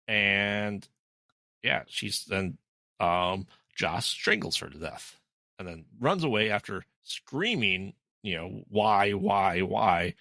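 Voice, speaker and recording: A man with a low voice and a bright, forward edge recaps a film plot in casual podcast chat. He rambles along with plenty of ums and half-started thoughts. The mic is close and the sound is dry. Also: gravelly, no room sound. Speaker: podcast co-host.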